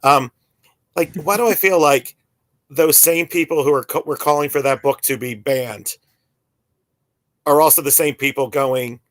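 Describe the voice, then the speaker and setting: A man's voice: medium pitch, fairly even intonation, moderate pace, pauses often, fairly bright tone, no room sound. A man in his forties, talking in a rambling way full of fillers and restarts in a casual podcast chat. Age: 40s.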